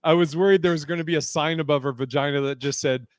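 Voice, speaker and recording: Animated, foul-mouthed man telling stories. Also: a little high, fast talker, no echo. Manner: animated storyteller, swears freely, laughs a lot. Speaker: podcast host and comedian. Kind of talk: casual podcast chat, storytelling.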